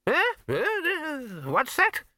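A man reading an audiobook, voicing a very old, dozy male wizard in a high, quavery voice. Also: wildly swooping pitch, slow, sharp tone, no room sound, exaggerated voice. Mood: bewildered.

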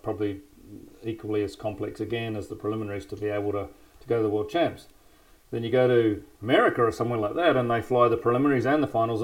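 A man on a podcast, weighing ideas aloud with small restarts. His voice sits fairly low, and he talks at an everyday pace. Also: poor audio. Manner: thoughtful, hesitant, with restarts. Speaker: podcast co-host. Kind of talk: casual discussion.

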